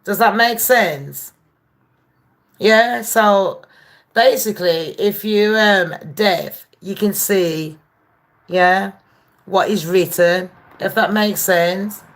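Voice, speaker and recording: Slow-talking woman chatting. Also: medium pitch. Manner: chatty, swears freely, greets chat viewers by name. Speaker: gossip channel host. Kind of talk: casual live-stream chat.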